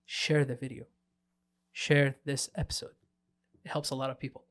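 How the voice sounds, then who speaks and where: A man's voice: mid-range voice, little pitch movement, fairly bright tone. A man hosting a casual podcast. He teases his guest and rattles through the sign-off. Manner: teasing, brisk sign-off. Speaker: podcast host. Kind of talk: casual chat.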